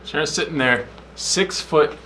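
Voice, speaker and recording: A man's voice: on the high side, a little slow, slight background noise. A young man co-hosting a casual podcast, chiming in with details and side comments. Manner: chatty, adds details, relaxed interjections. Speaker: podcast co-host. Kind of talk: casual chat.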